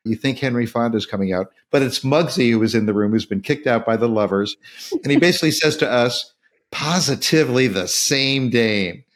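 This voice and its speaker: A man's voice: medium pitch, quick pace. A man hosting a casual film discussion, asking questions and retelling scenes with energy. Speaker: podcast host.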